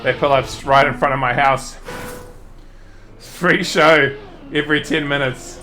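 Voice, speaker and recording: Brief: male New Zealand streamer, bright mid voice, loose rambling storyteller, light music underneath. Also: a little high, fairly even intonation, unhurried. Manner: rambling, swears casually, self-correcting. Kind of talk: casual storytelling while gaming.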